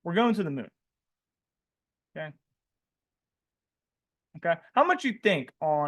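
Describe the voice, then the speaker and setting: A man's voice: on the high side, moderate pace, long pauses. A man coaching traders in a live webinar, asking the audience questions and tacking "right?" onto nearly every line, with a slangy, joking manner. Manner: animated, asks questions and tags "right?" constantly. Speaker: trading coach.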